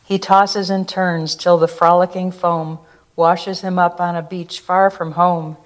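A woman's voice: fairly low pitch, little pitch movement, measured pace. A woman reading a rhyming picture book aloud, in a rhythmic, lilting way. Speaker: storyteller.

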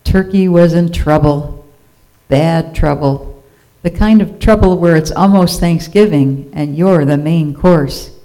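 With a mellow, soft-toned voice of moderate pitch, a storyteller reads a children's picture book aloud in a playful, expressive way. The pace is slow and the lines rise and fall for effect, though the recording is rough.

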